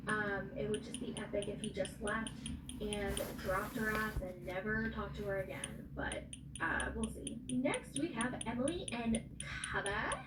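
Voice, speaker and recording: A woman's voice: mid-range voice, unhurried. A woman casually recapping a reality show, chatty and opinionated, acting out the cast's lines in put-on voices. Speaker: recap vlogger. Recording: echoey room, distant mic, audible noise.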